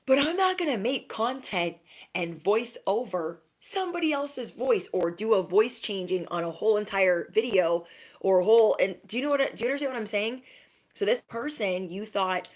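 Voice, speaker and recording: A woman's voice: mid-range voice, expressive, moderate pace. A young adult woman giving a casual intuitive reading to her viewers, frank and chatty, full of "like" fillers. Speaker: intuitive card reader.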